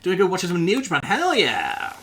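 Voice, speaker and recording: A man's voice: sits high, huge pitch swings, fairly quick, a bit bright, slightly rough. A man streaming live, chatting casually with viewers while he plays a game, joking and swearing freely. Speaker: variety streamer.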